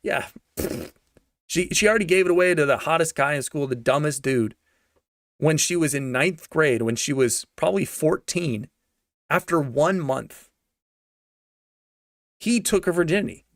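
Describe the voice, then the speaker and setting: A man's voice: on the high side, animated, normal speed, long pauses, a bit bright, no echo, clean studio sound. A young man giving a sarcastic, slangy rant of a movie review, repeating himself for emphasis. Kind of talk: ranting casual movie review.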